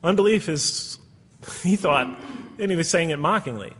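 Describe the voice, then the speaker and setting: A man's voice: a little high, very animated, normal speed, a bit bright, slightly rough. A man giving a public lecture to an audience, earnest and full of rhetorical questions. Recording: echoey hall, long reverb.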